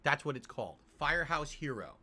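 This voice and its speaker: A man reviewing a sandwich on stream while he eats, describing each bite slowly and with relish. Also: fairly high pitch, big pitch swings, a crowd in the background. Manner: savoring, drawn-out descriptions between bites. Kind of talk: food review while eating.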